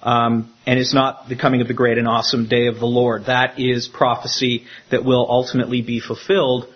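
A man, a pastor, preaching a sermon in an animated way and acting out the quotes he tells. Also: mid-range voice, fairly quick, lo-fi sound.

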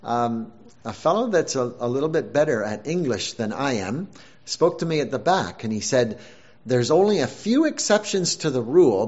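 A man preaching a sermon in an unhurried, halting way, with fillers and self-deprecating humor. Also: medium pitch, darkish tone, dull audio.

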